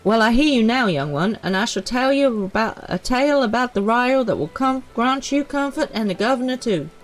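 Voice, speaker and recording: A woman's voice: fairly high pitch, expressive, moderate pace, faint music behind, voice pushed up, lightly acted. A woman voicing a formal, courtly storyteller from a far land, reading grand, old-fashioned lines aloud from a game.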